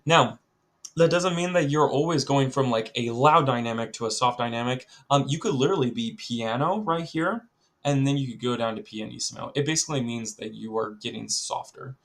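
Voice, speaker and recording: A man's voice: medium pitch, a little fast. Young guy teaching music to kids on a video, chatty, lots of ums, talks right to the class. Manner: chatty, addresses students directly, many ums. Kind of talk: recorded music lesson for children.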